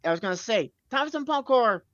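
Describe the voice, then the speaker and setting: A woman co-host riffing a film in casual commentary, reacting loudly and swearing at the screen. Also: a little high, lively intonation, fast talker, dry recording. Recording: slightly dull lo-fi mic.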